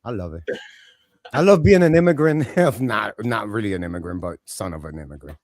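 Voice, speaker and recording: Excitable young man with a lively voice. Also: lowish voice, brisk, dry recording, studio quality. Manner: loud, excitable, profane. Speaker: panel host. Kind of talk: casual reaction chat.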